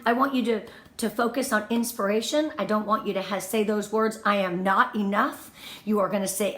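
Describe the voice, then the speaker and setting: A bubbly, effusive woman in her fifties speaks with a fairly high voice, gushing and heartfelt as she leads a live training for her team. Her voice rings in a roomy, echoey space picked up by a webcam mic. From Southern California. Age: 50s. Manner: bubbly, effusive, emotional and lively. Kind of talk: livestream motivational talk. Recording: echoey room.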